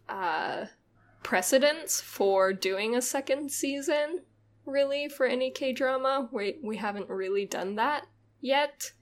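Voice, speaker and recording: A young woman co-hosting a podcast, chatting casually in a rambling, self-deprecating way with frequent laughs. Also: medium pitch. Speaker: podcast co-host. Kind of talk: casual chat.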